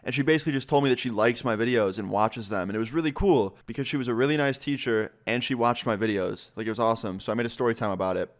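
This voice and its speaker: A man in his twenties telling a casual story-time vlog, animated and swearing freely. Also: mid-range voice, fast talker, few pauses. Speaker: YouTuber.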